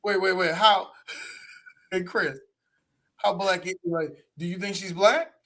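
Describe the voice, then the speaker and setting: A man co-hosting a podcast in casual chat, animated and profane, often laughing as he rants. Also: sits high, slow pace. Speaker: podcast co-host. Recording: audio podcast.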